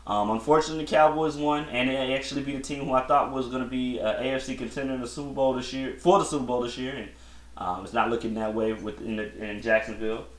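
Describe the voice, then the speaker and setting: A man's voice: medium pitch, steady tone, fast talker. A man hosting a solo podcast, giving blunt, slangy opinions in a rambling casual chat with many restarts. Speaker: podcast host. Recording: echoey room.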